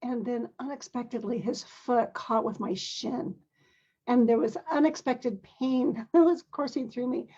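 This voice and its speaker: An older woman tells a personal story from her life as a mother and grandmother in a gentle, earnest, measured way. Her voice sits a little high and has a husky edge. The recording sounds dull and lo-fi. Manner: gentle, earnest, measured, with occasional throat clearing. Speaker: parent sharing a personal story.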